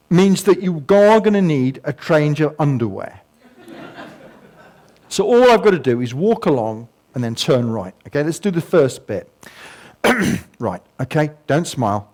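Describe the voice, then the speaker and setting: A man's voice: a little high, darkish tone. An older man giving a humorous talk to an audience, telling stories with self-mocking asides and sound effects. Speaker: guest speaker. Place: museum talk before a live audience.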